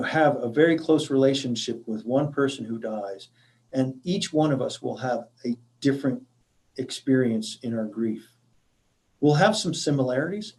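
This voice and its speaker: A man who works as a hospice grief counselor, giving a library talk in a thoughtful, halting way with many fillers and restarts. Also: medium pitch, a little mellow.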